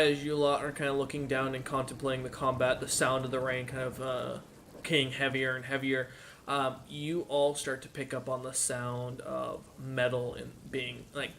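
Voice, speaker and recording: A man narrating as dungeon master in a halting way, with many fillers. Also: medium pitch, bright, forceful tone, a little hiss or hum. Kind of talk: narrating a tabletop game.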